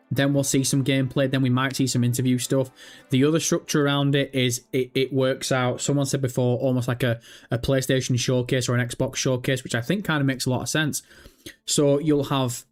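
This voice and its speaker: A young man hosting a live stream, chatting casually and excitedly, swearing often and nervous. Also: mid-range voice. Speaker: livestream host.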